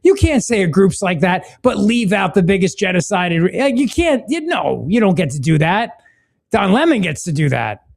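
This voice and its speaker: A man's voice: sits high, sing-song, normal speed, creaky. A man hosting a political talk podcast, sarcastic and mocking in a casual chat. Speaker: podcast host.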